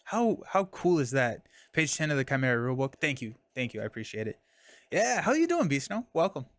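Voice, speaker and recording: A man's voice: mid-range voice, big pitch swings, quick pace, a bit bright, no room sound. A young man casually streaming a card game, talking through his moves and chatting with viewers. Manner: chatty, reads chat and thanks viewers mid-game.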